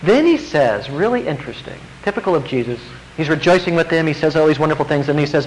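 A man preaching a sermon, animated, acting out quotes and asking the congregation questions. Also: on the high side, quick pace, few pauses, poor audio.

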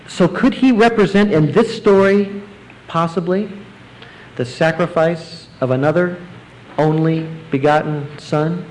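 A man preaching a sermon, explaining scripture verse by verse and rising now and then to emphatic, excited bursts. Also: a little high, measured pace, low-quality recording. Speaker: pastor.

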